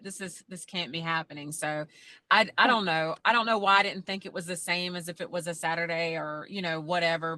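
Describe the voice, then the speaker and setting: A woman on a video call talks through her thoughts in a rambling way, often searching for words. Her voice is fairly low but bright and forceful. The sound is dry, with no room echo. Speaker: group member. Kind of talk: casual video-call chat.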